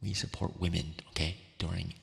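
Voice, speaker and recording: A very deep, gravelly male voice speaks gently, drifting between a soft whisper and quiet talk as he closes an ASMR stream. His tone is affectionate and easy, with frequent little laughs. A long reverb trails his words over faint background music. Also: level tone, fairly quick.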